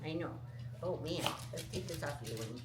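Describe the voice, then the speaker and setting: A young woman vlogger chatting casually, excitable, laughing often and gushing over her pets. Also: low voice, fairly quick. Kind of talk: casual vlog chat.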